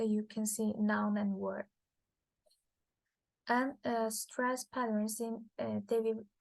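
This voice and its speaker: A woman whose first language is Turkish, reading a linguistics lecture from slides, halting with frequent fillers and restarts. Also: a little high, gravelly, a little mellow, dry recording, rough recording.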